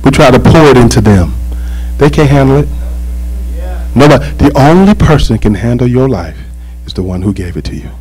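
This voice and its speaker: A man preaching a sermon as pastor, animated and joking, with call-and-response asides to the congregation. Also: mid-range voice, a little fast, long pauses, husky, soft background music, low-quality recording.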